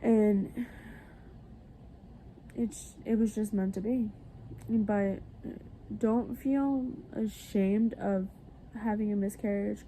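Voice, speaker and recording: A woman's voice: medium pitch, steady tone, slow, pauses often, mellow, a little hiss or hum. A tired, congested woman talking earnestly and confidingly to her camera in a casual personal vlog. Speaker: family vlogger.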